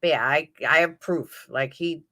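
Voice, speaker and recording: Chatty New York woman, bright tense voice. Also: low-pitched, moderate pace. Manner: chatty, answers viewer comments by name, thinks aloud. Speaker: livestream host. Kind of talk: live chat commentary.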